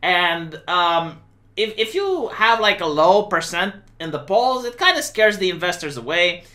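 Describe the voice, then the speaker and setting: Young Romanian-accented man, sarcastic streamer rant, lively pitch, bright tone. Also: measured pace. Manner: sarcastic, animated, many fillers and restarts. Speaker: political commentator streamer. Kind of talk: casual sarcastic monologue.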